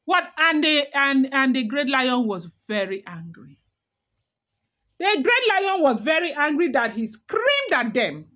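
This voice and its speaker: A woman's voice: sits high, very animated, unhurried, pushed and bright. A woman narrating celebrity gossip in a dramatic, repetitive, emphatic way.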